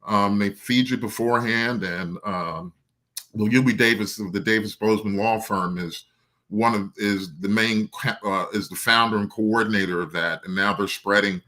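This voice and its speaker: Bright-toned man calling in. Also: fairly low pitch, fairly even intonation, moderate pace. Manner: earnest, with many "um" and "uh" fillers. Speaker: caller. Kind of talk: casual call-in talk.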